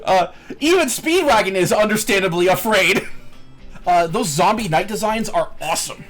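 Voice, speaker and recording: A man's voice: sits high, expressive, normal speed, a bit bright, faint music behind. A man hosting a casual podcast, recapping episodes in a jokey way, swearing and laughing freely. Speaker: podcast host. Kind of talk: casual anime recap chat.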